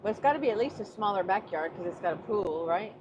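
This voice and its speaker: A woman's voice: medium pitch, lively intonation, quick pace, background noise. Woman reading chat aloud in a car. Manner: reads out chat messages and replies warmly. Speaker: co-host reading viewer comments. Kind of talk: casual live-stream chat. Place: inside a moving car.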